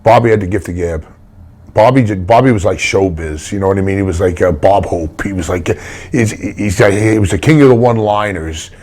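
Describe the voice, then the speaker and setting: A man's voice: on the low side, brisk, darkish tone. An older man, a retired wrestler telling stories in a casual interview, blunt and rambling with many restarts.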